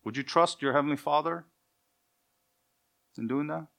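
A man's voice: fairly high pitch, normal speed, vocal fry, a bit bright. A man preaching a sermon as pastor, emphatic, posing rhetorical questions and answering them himself. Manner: acts out dialogues between parent and child.

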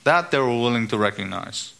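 A male preacher delivering a sermon at a medium pitch. He quotes the scriptures and preaches with emphasis, lifting his voice to stress a point and sinking low on key words. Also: lively intonation, fairly quick, vocal fry, sharp tone.

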